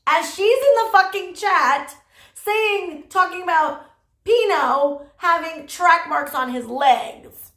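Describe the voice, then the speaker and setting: A woman's voice: extremely high pitch, takes it slowly, fairly bright tone, reverberant. A woman giving casual drama commentary, blunt and sassy, swearing freely and laughing at her own jokes. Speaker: commentary YouTuber.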